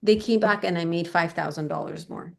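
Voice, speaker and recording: A woman's voice: lowish voice, brisk, gravelly. A middle-aged woman sharing a personal story as an interview guest. She tells it with animation and slips into the voices of the people she describes. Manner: animated, acts out the people in her stories.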